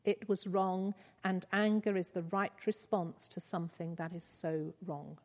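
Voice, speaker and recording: Una donna che legge un Dio paterno e gentile, in una sala riverberante. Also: female voice, fairly low pitch, steady tone, a little slow, darkish tone. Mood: gentle. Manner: tender, reassuring reading. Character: gentle fatherly God figure called Papa. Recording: reverberant hall.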